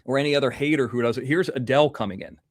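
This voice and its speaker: A man's voice: medium pitch, rapid-fire, no echo. A man hosting a casual livestream, rambling as he reads out viewer donations while nursing a toothache. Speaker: livestream host.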